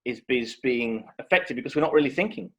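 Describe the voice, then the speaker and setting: A man hosting a podcast interview, asking questions with halting, stumbling starts. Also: mid-range voice, a bit bright. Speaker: podcast host. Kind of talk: casual interview chat.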